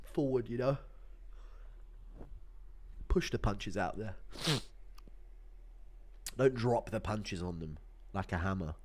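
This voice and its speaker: A male streamer giving loud, profane play-by-play while he reacts to a fight and reads chat. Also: on the low side, slow, long pauses, noisy background. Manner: excitable, profane, loud bursts. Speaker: streamer host.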